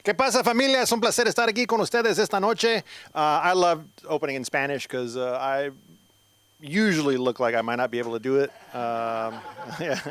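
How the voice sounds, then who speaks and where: A man's voice: mid-range voice, steady tone, brisk, a bit bright, smooth. A middle-aged Mexican-American man doing stand-up comedy on a club stage, with wry, self-deprecating delivery into a handheld mic. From United States, Mexican-American.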